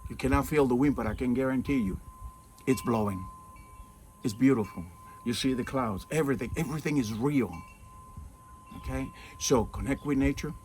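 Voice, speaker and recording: A mid-range, darkish male voice moves at normal speed but with long pauses. He's a spiritual teacher giving an earnest, casual talk in the shade outside his home with trees and mountains, often asking rhetorical questions and saying "okay?", over faint ambience of birds and wind chimes.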